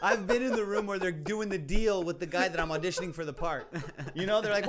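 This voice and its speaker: A man's voice: high-pitched, fast talker, few pauses, fairly bright tone. A man, a stand-up comedian, telling loose, profane stories in casual podcast chat. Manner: loose, profane, laughing storytelling.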